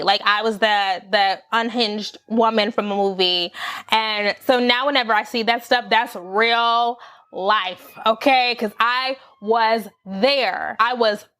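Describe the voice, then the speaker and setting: A young adult woman candidly telling a personal story to camera, acting out her own past lines. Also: on the high side. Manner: candid, animated, acts out her own quotes. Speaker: vlogger.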